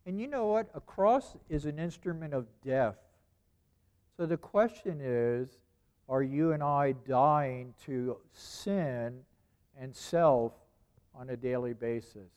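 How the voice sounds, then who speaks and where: A man's voice: mid-range voice, takes it slowly, darkish tone, clear, resonant tone. A man preaching a sermon in a conversational way, repeating phrases and asking rhetorical questions.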